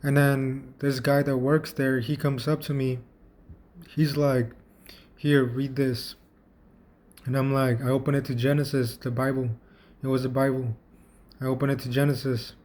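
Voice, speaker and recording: A man vlogging, telling a personal story in a casual, halting way with frequent restarts and repeated words. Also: medium pitch, flat delivery, darkish tone.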